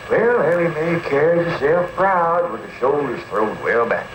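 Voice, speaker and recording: Man acting out an earnest rural man, a bit high, roomy old recording, hiss. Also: expressive, moderate pace, lightly acted. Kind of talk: 1961 screen test acting.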